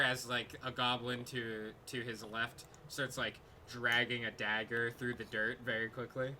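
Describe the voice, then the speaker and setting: A man narrating as game master of a tabletop game, unhurried and hesitant with many fillers. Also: mid-range voice, fairly even intonation, pushed and bright, a little hiss or hum.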